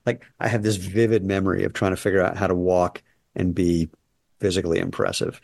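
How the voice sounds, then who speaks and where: Low-voiced chatty male podcast host. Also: fairly quick, vocal fry, a little mellow, no echo, clean studio sound. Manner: chatty, jokey, rambling asides. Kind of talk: casual interview chat.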